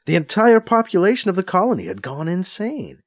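A man's voice: sits high, big pitch swings, fairly quick, no room sound, studio quality, pitched above the performer's own voice. A man reading an audiobook, voicing a solemn older woman who was once a leader, guarded and sighing. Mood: grave. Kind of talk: audiobook character voice.

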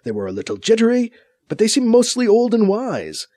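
A man voicing a calm, telepathic male base commander with a wry, authoritative manner. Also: sits high, brisk, no room sound, clean studio sound, voice pushed up.

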